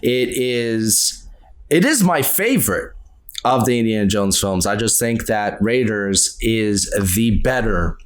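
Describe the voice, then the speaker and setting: A man co-hosting a podcast, talking through his favorite movies in casual chat, earnest and quick to laugh. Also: lowish voice. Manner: earnest, animated, laughs often. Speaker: podcast co-host.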